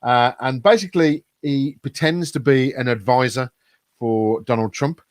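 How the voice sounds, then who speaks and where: A male host of a casual live stream, chatty and rambling, always reaching for "uh" and "um". His voice sits in a middle pitch. The sound is dry, with no room echo. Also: moderate pace. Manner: rambling, filler-heavy, restarts.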